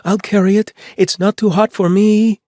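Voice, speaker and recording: A man doing an excited, shouting little girl. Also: sits high, moderate pace, dry recording, clean studio sound, pitched above the performer's own voice, natural voice. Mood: eager shouting. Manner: hollering, shouting.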